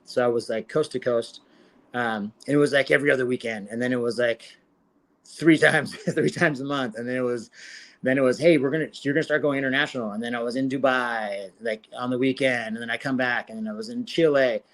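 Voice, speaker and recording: Fast-talking man telling fight stories. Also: mid-range voice. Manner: profane, animated retelling with quoted dialogue. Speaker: podcast guest, former fighter. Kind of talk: casual interview storytelling.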